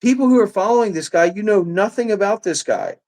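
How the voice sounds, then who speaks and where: A man's voice: sits high, animated, quick pace, a little mellow. A man in his thirties ranting heatedly on a livestream, hurling accusations and reading chat messages aloud. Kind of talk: heated live commentary.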